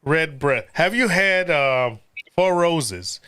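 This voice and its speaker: A man hosting a casual live podcast chat, rambling and profane and quick to laugh. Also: on the high side, lively intonation, pushed and bright, smooth, no room sound. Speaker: podcast host.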